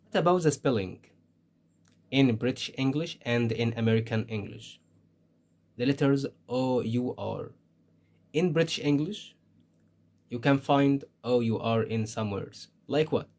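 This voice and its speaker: A man with an Egyptian Arabic accent gives an English lesson at a very slow, careful pace. His voice sits at a medium pitch. He leans on single words, setting each one apart so its sound comes through. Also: a little mellow. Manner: slow, deliberate, stresses single words to model pronunciation. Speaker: English teacher. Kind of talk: slow spoken language lesson.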